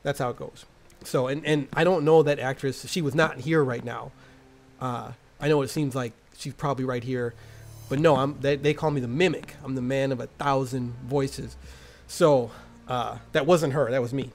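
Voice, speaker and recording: A man's voice: medium pitch, fairly even intonation, moderate pace. A man casually recapping a TV episode in a slangy, crude, jokey way. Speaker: TV episode reviewer.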